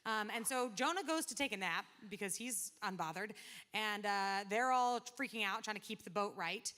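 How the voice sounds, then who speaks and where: A woman gives a relaxed, conversational sermon, with a bright, forward tone. She retells old stories in everyday slang and slips into quick quoted asides as she goes. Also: medium pitch. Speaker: preacher. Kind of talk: casual sermon.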